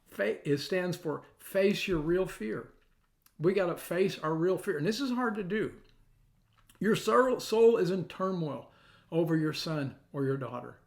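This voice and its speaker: A middle-aged male pastor preaching in a fairly high voice. He tells a story and acts out quotes, and at times his voice drops to a soft, near whisper. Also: creaky. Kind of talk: sermon.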